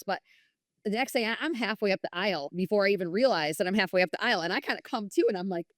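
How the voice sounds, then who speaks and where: In a clean studio recording without room sound, a New York woman speaks as a podcast guest in an animated, quick, mid-range voice. Sharing her own story with earnest candor, she keeps slipping into quoted dialogue and "I was like."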